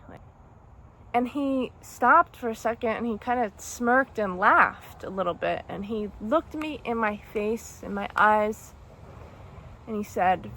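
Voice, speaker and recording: A young woman telling a personal story as a vlogger, halting and emotional with many restarts. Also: medium pitch, a bit bright, slight background noise. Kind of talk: storytime monologue.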